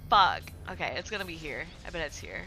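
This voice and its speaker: A young woman streaming from home, her voice sitting a little low but with a tense, forceful edge. She talks loose and profane, rambling through fillers while she plays and answers her chat. It sounds offhand and unscripted. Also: big pitch swings, brisk, faint music behind. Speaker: game streamer. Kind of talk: casual live-stream chat while gaming.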